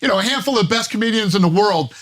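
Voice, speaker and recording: A middle-aged man telling stories as a guest in a casual chat, animated and swearing constantly. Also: high voice, very fast. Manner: animated storytelling, heavy swearing. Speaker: podcast guest.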